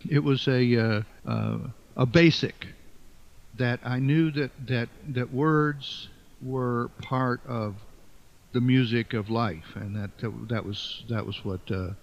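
A male guest in a radio interview, thinking aloud slowly and circling back on his words. His voice sits at an ordinary pitch for a man. The recording sounds dull and muffled, as if from an older lo-fi source. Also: steady tone. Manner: halting, repeats words while searching for phrasing. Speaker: interview guest, writer and musician. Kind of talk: reflective conversational interview.

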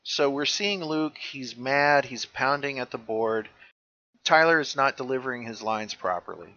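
A man's voice: mid-range voice, measured pace, sharp tone. A man co-hosting a podcast, chatting casually and joking as he recaps scenes of a show. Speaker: podcast co-host. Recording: dull lo-fi recording.

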